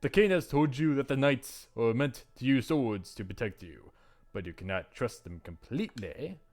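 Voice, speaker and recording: A man's voice: medium pitch, lively intonation, normal speed, darkish tone, natural voice. A man voicing a possessive, warning mother. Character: possessive, secretive mother warning her daughter.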